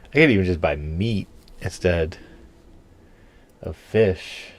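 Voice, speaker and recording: A man's voice: low-pitched, slow pace. A young man from Canada giving casual let's-play commentary, thinking aloud and muttering half to himself as he plays. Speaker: gameplay streamer.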